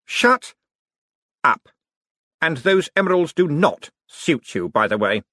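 A man's voice: fairly high pitch, big pitch swings, slow, pushed and bright, no room sound, clean studio sound, pitched above the performer's own voice, full character voice. A man voicing a stern stiff aristocrat. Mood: clipped. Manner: stern, clipped, composed. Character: stiff cold aristocratic man, brittle and proud. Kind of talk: audiobook character voice.

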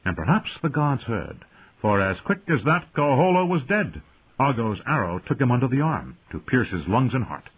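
Husky man narrating dramatically. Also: mid-range voice, normal speed. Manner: lively, dramatic reading. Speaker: audiobook narrator. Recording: tinny phone-like audio.

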